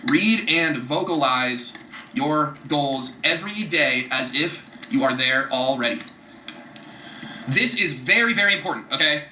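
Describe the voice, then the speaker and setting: A man giving a fast, profane, emphatic motivational talk about setting goals, often repeating himself for emphasis. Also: on the high side, sharp tone, roomy sound, slight background noise. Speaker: vlogger giving trading and goal-setting advice.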